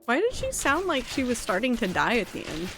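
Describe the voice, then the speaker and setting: A woman's voice: a little high, wildly swooping pitch, fairly quick, over music. Woman streamer, casual rambling chat, playful and self-deprecating. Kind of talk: casual chat while gaming.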